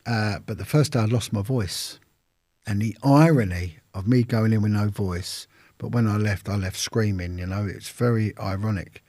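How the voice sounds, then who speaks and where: A man's voice: lowish voice, normal speed, darkish tone, dry recording, studio quality. A man with a London accent, an interview guest telling a long story in a casual, rambling way with acted-out quotes. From London, England.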